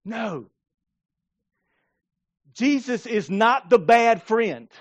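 A man's voice: very high-pitched, extremely slow, no room sound. A male pastor preaching a sermon, reading scripture and acting out stories with playful voices and laughter. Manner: animated, acts out scenes with playful voices and laughter.

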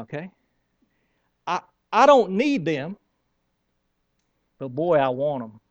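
A middle-aged man preaching a sermon, talking in an animated, conversational way, repeating words and asking the crowd questions. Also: a little high, no echo, muffled recording. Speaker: pastor.

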